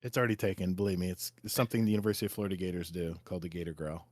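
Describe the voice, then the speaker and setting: A man's voice: deep voice, fairly even intonation, very fast, darkish tone, dry recording, clean studio sound. A man guesting on a gaming podcast, enthusiastic and openly emotional in how he talks. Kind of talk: casual gaming podcast chat.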